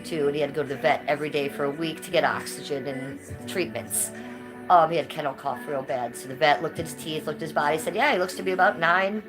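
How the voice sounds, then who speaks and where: Woman streamer, lowish voice, blunt, foul-mouthed, music underneath. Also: rough recording. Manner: blunt, combative, swears freely. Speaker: livestreamer. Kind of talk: casual livestream chat. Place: indoors at home, high-ceilinged room.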